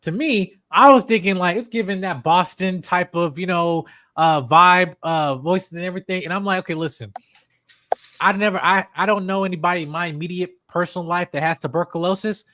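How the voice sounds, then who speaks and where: A man's voice: high-pitched, a little fast, no room sound. A man, a guest on a live stream, chatting casually about a movie trailer with lots of fillers and laughs. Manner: animated, laughing, many fillers. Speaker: guest panelist.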